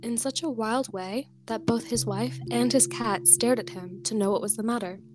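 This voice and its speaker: A young woman co-hosting a podcast who reads an old folk tale aloud with lively voices for the characters, then chats casually with lots of "like" and laughter. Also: fairly high pitch, normal speed, music in the background. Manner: animated reading with voiced characters, chatty with many likes and laughs. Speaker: podcast co-host.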